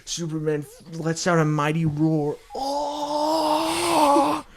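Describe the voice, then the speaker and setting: A young man spinning an improvised, crude comedy tale for a podcast. He rambles, swears freely and breaks into laughter as he goes, with a steady, middle-pitched voice. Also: moderate pace. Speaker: podcast co-host.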